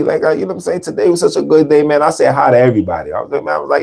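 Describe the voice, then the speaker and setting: Gravelly-voiced man, emphatic podcast host. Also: mid-range voice, lively intonation, quick pace, mellow. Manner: street slang, repetitive, emphatic. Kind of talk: casual monologue.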